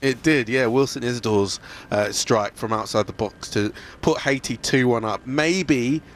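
A man giving a radio sports report, lively and conversational, with frequent fillers. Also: medium pitch, a little slow, a little hiss or hum. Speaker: sports presenter.

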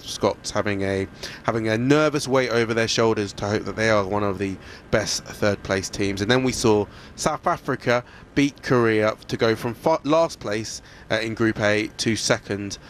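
A man with a lowish voice gives a conversational sports report for radio, lively and quick to reach for fillers. A faint low rumble sits under his voice. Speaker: sports presenter.

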